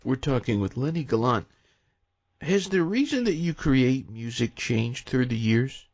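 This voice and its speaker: A man's voice: mid-range voice, very animated, a little slow, a little mellow, no echo. A man with a mid-range voice hosts an interview, asking courteous, carefully worded questions. The sound is dull and lo-fi, and the voice is dry and close. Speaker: radio interview host.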